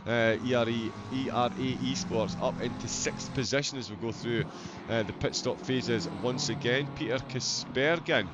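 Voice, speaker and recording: A man commentating a sim race, brisk and chatty, often laughing with a guest. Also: medium pitch. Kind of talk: sim racing commentary and banter. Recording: noisy stream audio.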